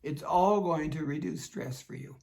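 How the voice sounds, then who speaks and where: A man working as a fitness instructor, calmly demonstrating an exercise routine with a touch of dry humor. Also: fairly high pitch, moderate pace, creaky.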